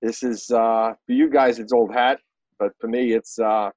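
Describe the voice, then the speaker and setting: A man's voice: mid-range voice, fairly even intonation, moderate pace, a little mellow, no echo. A man from Brooklyn with a New York accent, a podcast guest who talks hesitantly with a self-deprecating humor. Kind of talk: casual chat.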